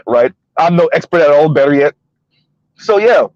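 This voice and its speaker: A man's voice: fairly high pitch, expressive, moderate pace, long pauses, darkish tone, dry recording, dull audio. A man hosting a casual commentary channel while driving, chatting loosely, laughing often and tagging sentences with "right?". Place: inside a car on the road.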